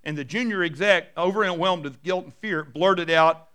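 A middle-aged male pastor preaching a sermon and telling stories, dropping soft and low for quoted lines. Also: moderate pace, hardly any pauses, clean tone.

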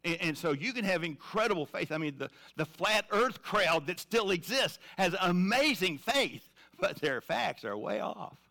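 A man's voice: high voice, sing-song, moderate pace, creaky, hardly any pauses, bright, forceful tone. A man preaching a sermon in a conversational, emphatic way, often repeating phrases. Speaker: pastor.

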